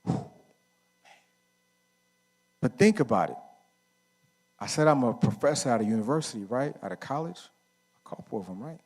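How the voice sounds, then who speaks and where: With a medium-pitched, slightly mellow voice, the middle-aged speaker is animated and moves at a moderate pace, leaving long pauses. His men's conference talk is casual and full of stories. He asks the audience questions, answers them himself, and leans on slang and fillers such as "right?"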